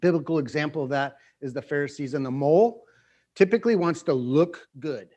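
A man's voice: fairly high pitch, brisk, warm tone, slightly rough, muffled recording. A man preaching a conversational sermon to a small group, repeating phrases and acting out quoted voices. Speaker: pastor.

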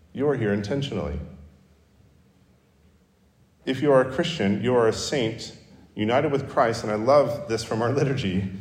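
A pastor preaching a sermon in a conversational, storytelling way, with self-deprecating humor. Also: male voice, medium pitch. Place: church sanctuary. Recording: roomy hall reverb.

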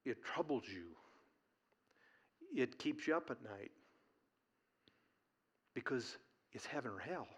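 A man's voice: medium pitch, expressive, slow, pauses often, husky. A male pastor preaching an earnest, folksy sermon during a church service.

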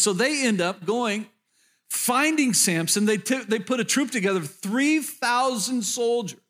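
A pastor with a notably high voice tells a Bible story from the pulpit. He speaks in an animated, conversational way and turns to address the congregation directly. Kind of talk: sermon retelling a Bible story.

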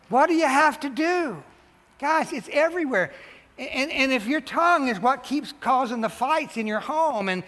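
A man with a high, bright, ringing voice preaches to his congregation with animated emphasis, hammering phrases again and again. His words carry a long reverb from the church hall around him. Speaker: pastor. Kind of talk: sermon. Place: church sanctuary.

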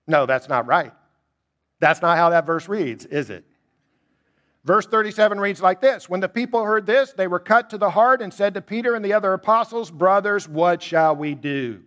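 A man preaching a sermon, emphatic and asking rhetorical questions, climbing high on key points and dropping low and quiet to reflect. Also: expressive, moderate pace.

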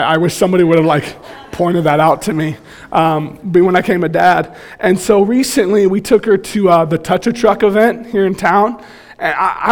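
A man in his thirties preaching a sermon, telling stories in an animated, joking way. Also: high-pitched. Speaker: pastor.

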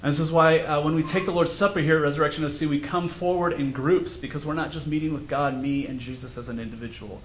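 Guy pastor giving a sermon, chatty and self-deprecating, roomy church echo, faint rumble. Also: fairly even intonation, quick pace, few pauses. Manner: conversational, self-deprecating storytelling. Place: church sanctuary.

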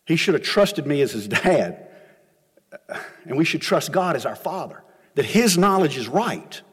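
A middle-aged pastor, preaching a sermon in a folksy storytelling way that swings between loud and soft. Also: male voice, fairly high pitch, big pitch swings, measured pace, slightly rough, big-room sound. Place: church sanctuary.

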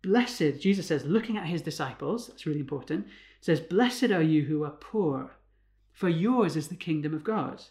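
A man's voice: fairly high pitch, animated, moderate pace, a little mellow. A man preaching a sermon in a conversational way, often asking rhetorical questions and ending points with tag questions.

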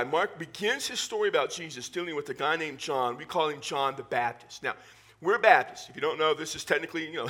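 A male pastor with a Southern Texas accent preaching a sermon in church, animated and full of joking asides. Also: on the high side.

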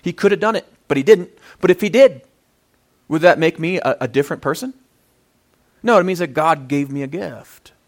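A man preaching a sermon as a pastor, earnest, rising loud for emphasis and then dropping quiet. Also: fairly high pitch, expressive, normal speed.

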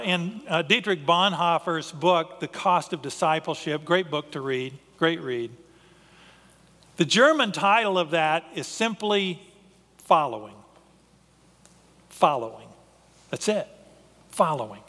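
A man's voice: high-pitched, pushed and bright. A man preaching a sermon as a pastor, earnest in manner, often restarting his sentences as he thinks aloud. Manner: earnest, with frequent restarts and filler. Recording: reverberant hall.

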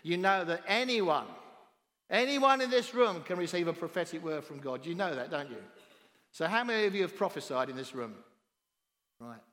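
Southern english guy preaching, high voice, gets loud and emphatic, big echoey church hall. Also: lively intonation, normal speed. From southern England. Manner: emphatic, rising to near-shouting on key phrases. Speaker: visiting pastor. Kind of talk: sermon.

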